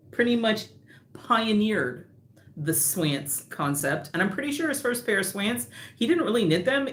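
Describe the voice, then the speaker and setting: A woman's voice: deep voice, echoey room. A woman who designs knitting patterns, hosting a live stream in casual chat that wanders off on tangents, laughing often.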